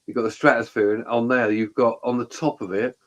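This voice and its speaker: Casting note: mid-pitched man, chatty joking anecdote with casual swearing. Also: flat delivery, fairly quick, rough recording. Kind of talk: casual chat.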